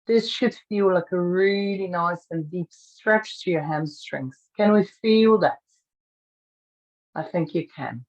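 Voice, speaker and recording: A woman teaching an online pilates class, calmly cueing each movement step by step. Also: on the low side, unhurried, few pauses, dull audio. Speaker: pilates instructor. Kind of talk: guiding an online fitness class.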